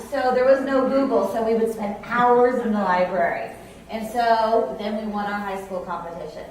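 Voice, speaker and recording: A woman's voice: medium pitch, a little hiss or hum. A woman in her forties giving a conference keynote, telling stories in a chatty way with restarts. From California. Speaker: company president giving keynote. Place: conference hall. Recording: echoey hall, mic from a distance.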